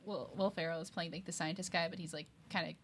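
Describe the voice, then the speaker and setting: A woman's voice: fairly low pitch, steady tone, fast, slight background noise. A woman co-hosting a casual review chat, laughing easily and telling stories with animation. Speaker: co-host.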